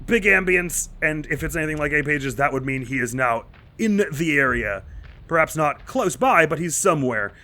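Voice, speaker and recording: A man hosts a gaming channel and commentates a horror game let's play in a fairly high, expressive, pushed and bright voice at a moderate pace. He rambles and mocks himself, jittery with nervous asides, turning panicky and mumbly when spooked.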